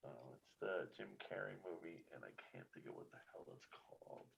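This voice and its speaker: A man's voice: low voice, big pitch swings, brisk, creaky, breathy edge. A man co-hosting a casual talk show, giving laid-back, brief replies. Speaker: podcast co-host. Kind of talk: casual chat.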